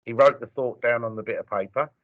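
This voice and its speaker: A man's voice: medium pitch, fairly even intonation, fast talker, phone-quality sound. A man, a workshop participant, sharing an anecdote in an earnest, slightly apologetic way.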